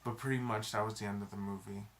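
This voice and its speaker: A man's voice: fairly low pitch, level tone, quick pace, fairly bright tone. A young man vlogging a casual, rambling movie review, full of fillers and restarts.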